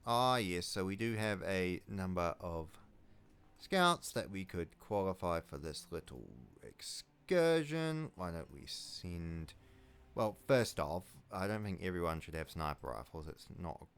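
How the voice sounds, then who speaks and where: A man with a New Zealand accent giving casual commentary while playing a strategy game, muttering to himself and swearing loudly when things go wrong. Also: sits low, lively intonation, measured pace, clear, resonant tone. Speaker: video game let's player.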